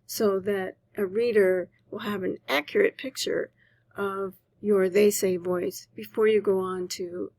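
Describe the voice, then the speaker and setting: A woman's voice: mid-range voice, darkish tone, no room sound. A woman teacher patiently explaining a writing assignment to her students, often checking in with "right?". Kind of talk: recorded class lecture.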